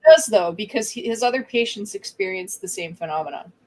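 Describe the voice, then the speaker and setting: A woman's voice: mid-range voice, lively intonation, brisk, darkish tone, poor audio. A woman co-hosting a podcast, retelling film scenes in casual chat and briefly acting out the characters' lines. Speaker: podcast co-host. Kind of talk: casual movie recap chat.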